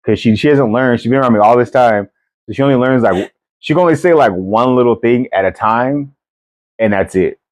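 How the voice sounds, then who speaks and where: A man's voice: medium pitch, brisk. Middle-aged male co-host, casual teasing storyteller with easy laughs. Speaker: podcast co-host, parent. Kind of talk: casual family chat.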